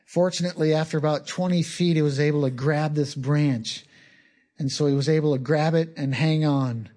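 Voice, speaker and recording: Earnest preacher with a fairly high voice. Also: male voice, steady tone, darkish tone. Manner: slow, earnest, conversational preaching. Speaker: pastor. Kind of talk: sermon.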